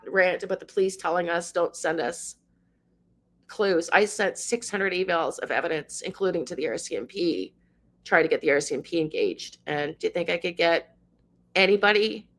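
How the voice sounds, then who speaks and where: A woman's voice: lowish voice, fairly bright tone. A woman in her fifties, a channel host, speaking in an emotional monologue, ranting with passion and fighting back tears. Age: 50s.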